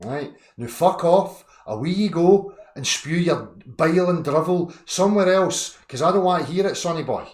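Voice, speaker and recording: A man's voice: on the high side, animated, normal speed, few pauses, darkish tone, roomy sound. A Scottish man hosting an online video hangout, ranting at a guest in a heated, profane argument full of insults. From Scotland.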